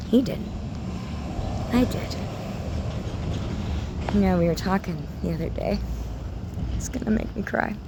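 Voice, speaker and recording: A woman's voice: low voice, vocal fry, background noise. A woman giving an intimate, emotional spiritual talk, often dropping to a whisper, recorded outdoors. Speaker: spiritual content creator. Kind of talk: personal spiritual talk to camera.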